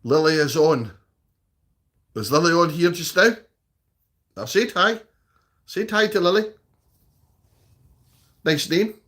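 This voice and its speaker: A man's voice: on the high side, takes it slowly, long pauses, a bit bright. A Scottish man chatting casually on a live stream, reading out viewer comments and answering them. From Scotland.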